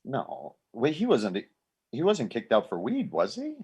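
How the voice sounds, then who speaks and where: Guesting on a laid-back comedy podcast, this man tells rambling, animated stories and swears freely. His mid-range voice is gravelly with a breathy edge, and his pace is measured.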